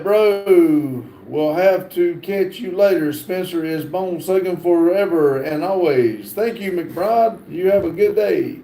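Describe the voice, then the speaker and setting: Male livestream host, high mellow voice, slow filler-heavy chat reading, echoey room. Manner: reads viewer comments aloud with many fillers. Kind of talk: casual live chat.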